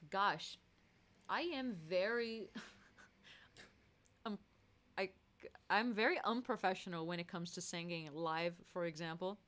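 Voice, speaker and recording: A woman's voice: fairly low pitch, takes it slowly, long pauses, fairly bright tone. A young adult woman chatting casually between songs on her live stream, laughing often as she talks. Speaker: musician hosting a live stream.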